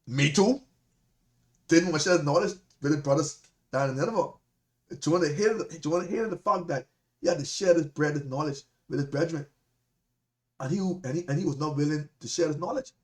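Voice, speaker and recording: Man, deacon, Caribbean accent, sermon, animated and repetitive, fairly high voice. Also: a little fast. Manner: animated, repetitive, laughing preacher.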